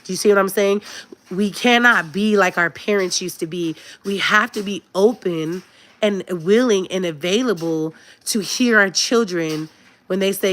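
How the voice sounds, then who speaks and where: A woman's voice: mid-range voice, unhurried, fairly bright tone. Candid woman chatting on a live stream. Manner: candid, earnest, conversational. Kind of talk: casual live-stream chat.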